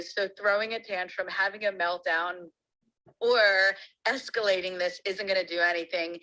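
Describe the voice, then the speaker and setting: Bright-voiced woman telling a story. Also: mid-range voice, moderate pace, poor audio. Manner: lively, animated storytelling with laughs. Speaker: guest sharing a story. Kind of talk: casual storytelling.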